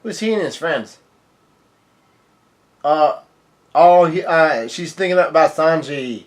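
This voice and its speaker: A man's voice: on the high side, takes it slowly. A man casually reading comic dialogue aloud, often stumbling and correcting himself, with surprised outbursts. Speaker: manga reaction reader.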